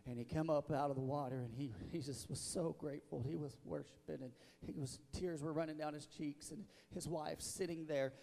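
A man's voice: on the high side, fairly even intonation, fairly quick, gravelly, few pauses, warm tone. Emotional preacher man in a reverberant church. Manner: emotional, with many restarts and stammers. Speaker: pastor. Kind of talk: sermon. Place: church sanctuary. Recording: long reverb of a church hall.

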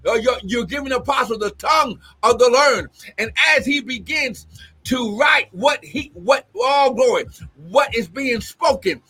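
A man with a high-pitched voice for his sex, ministering as a prophet over a live stream. He speaks fervently and repeatedly bursts into shouts and tongues. Exclamations of "glory" punctuate nearly every phrase. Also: moderate pace, breathy edge.

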